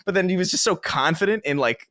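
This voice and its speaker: A man from the Bronx chats on a podcast in a somewhat high voice, recorded close and dry. He tells long, rambling stories about himself, poking fun at his own mistakes and cursing freely. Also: expressive, fast talker, pushed and bright, no room sound. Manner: rambling, self-mocking storyteller who swears freely. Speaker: podcast guest. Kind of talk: casual podcast chat.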